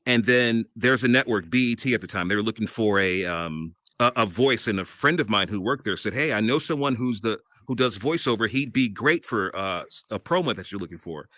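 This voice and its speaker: A middle-aged man sits as a guest and tells how he built a career in radio and voiceover. His voice is bright and forward, and he stays animated, laughing through the story. The sound is close and dry. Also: fairly low pitch, brisk, hardly any pauses, dry recording. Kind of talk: casual interview storytelling.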